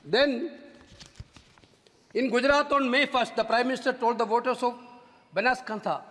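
A man with a Malayali English accent speaks in a parliament chamber, his voice very high and pushing into shouts as he repeats his points. The big room adds a long reverb tail. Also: fairly even intonation, moderate pace, pauses often. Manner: forceful, repetitive, rising to shouts. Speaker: member of parliament. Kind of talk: parliamentary floor speech.

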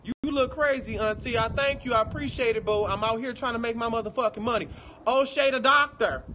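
On his livestream, a Detroit-accented man chats casually with viewers, brash, profane and full of teasing. His voice is very high, pushed and bright, with a little hiss or hum in the audio.

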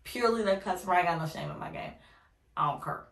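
A woman's voice: lowish voice, quick pace, a bit bright. A woman vlogger telling a casual storytime, candid and opinionated with ranting asides. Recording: echoey room.

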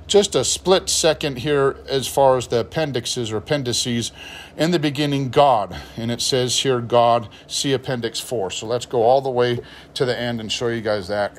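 A pastor showing a study Bible and explaining its notes in a relaxed, explanatory way, reading passages aloud as he goes. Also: mid-range voice. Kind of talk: Bible unboxing review.

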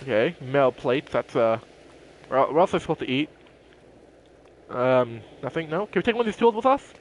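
Animated, joking game commentator man. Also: mid-range voice, fairly quick, pauses often, slight background noise. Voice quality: playful, jokey, talks to himself. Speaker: gameplay commentator. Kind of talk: casual let's-play commentary.

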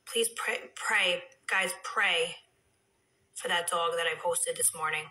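New woman in her thirties, phone live stream, bright tone, echoey room. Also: fairly low pitch, takes it slowly. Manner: chatty, swings into soft whispers and heated rants. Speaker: reality TV personality on a live stream. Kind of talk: casual live-stream chat reading comments.

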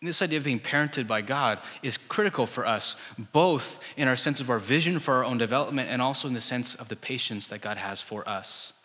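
A man's voice: mid-range voice, a little fast, few pauses, bright, forceful tone. A male pastor giving a sermon in a conversational style, full of rhetorical questions. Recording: church hall with long reverb.

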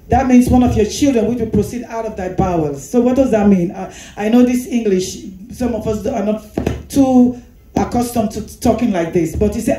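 A woman's voice: a little high, moderate pace, dark tone, roomy sound, poor audio. A woman leading a Sunday school class, explaining a Bible passage, repeating phrases and asking the class questions. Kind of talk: Bible teaching.

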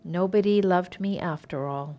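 A woman reading the part of a lonely, gentle older man, in a mild and polite way. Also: fairly low pitch, moderate pace, highs cut off, lightly acted.

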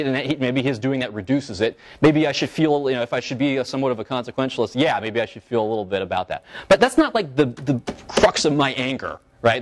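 A man lecturing on philosophy at a seminar, animated and joking, full of fillers, restarts and quick "right?" check-ins with the room. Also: mid-range voice.

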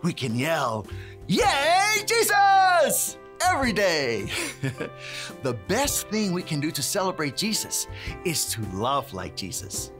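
A man's voice: fairly high pitch, very animated, a little slow, fairly bright tone, faint music behind. A man presenting a preschool church lesson in a bouncy, exaggerated style, cheering along with the children. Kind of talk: energetic preschool Bible lesson.

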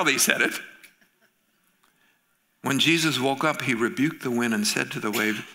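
Middle aged pastor guy preaching, gravelly edge, bright tone, storytelling and doing voices. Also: medium pitch, unhurried, pauses often. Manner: animated storytelling, acting out quoted voices. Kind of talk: sermon.

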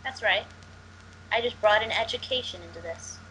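A woman's voice: mid-range voice, moderate pace, bright, forceful tone, a little hiss or hum, low-quality recording. A woman co-hosting a movie podcast, playful and argumentative in banter. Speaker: podcast co-host. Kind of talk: casual chat.

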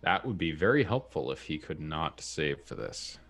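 A man chatting as a player in a tabletop game, his voice very low. His pitch swings far up and down as he jokes, and faint music runs underneath. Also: very animated, normal speed, a bit bright. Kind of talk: casual game chat.

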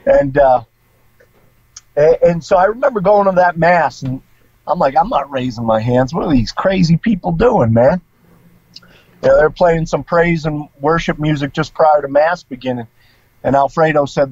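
A man's voice: fairly high pitch, normal speed, darkish tone, dry recording. A middle-aged man, a former priest, telling his personal story in a casual interview, informal and emotional. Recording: dull lo-fi sound.

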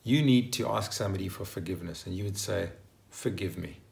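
A low-pitched male voice with vocal fry moves at a quick pace. The man hosts his own channel, where he gives a scripted vocabulary lesson in English, acting out example phrases in an upbeat, emphatic way.

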